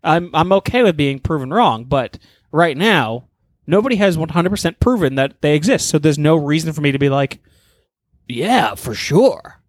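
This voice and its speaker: A man's voice: fairly high pitch, lively intonation, fairly quick, dry recording, studio quality. A man co-hosting a casual podcast, arguing stubbornly and swearing a lot. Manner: stubborn, profane, argumentative banter. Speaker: podcast co-host. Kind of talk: casual chat.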